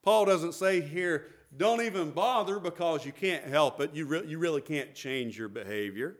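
High-voiced emphatic preaching man. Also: animated, moderate pace. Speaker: pastor. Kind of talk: sermon.

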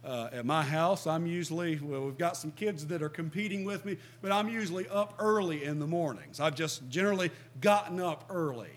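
Male preacher, middle-aged, high voice, earnest, emphatic, reads scripture aloud, asks the congregation questions. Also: fairly quick, hardly any pauses. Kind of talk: sermon.

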